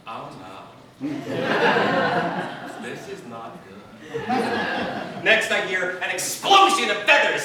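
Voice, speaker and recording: A man performing live spoken word storytelling at a party, with a wry, drawn-out delivery and dramatic pauses. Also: high voice, slight background noise. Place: party venue, indoors. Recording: echoey room from far off with audience laughter.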